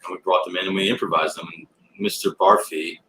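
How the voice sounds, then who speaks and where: A man guest at a comic shop signing, telling stories in a relaxed, rambling way with fillers. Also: low-pitched, fast talker. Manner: relaxed storytelling with filler words and restarts. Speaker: actor and guest. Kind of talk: casual interview chat. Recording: roomy, with faint background noise.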